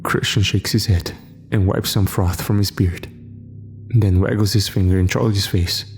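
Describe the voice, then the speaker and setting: A man tells a scripted horror story in a measured, first-person way. His voice is low, and faint music plays underneath him. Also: steady tone. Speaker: narrator.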